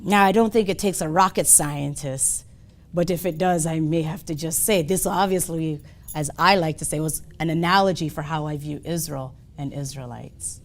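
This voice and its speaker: A woman's voice: low-pitched, normal speed. A woman preaching, telling a parable and reflecting aloud, repeating phrases. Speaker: speaker at a ministry service. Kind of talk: sermon with storytelling.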